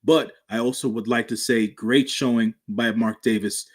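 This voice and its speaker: Measured man co-hosting a wrestling podcast. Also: medium pitch, steady tone. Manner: measured, many fillers and restarts. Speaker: podcast co-host. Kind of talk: casual wrestling podcast chat.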